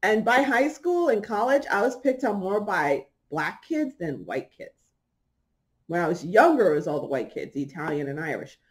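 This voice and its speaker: Animated middle-aged woman telling a story. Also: mid-range voice, moderate pace. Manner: animated, laughs often, acts out quoted people. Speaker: podcast host. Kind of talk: casual storytelling.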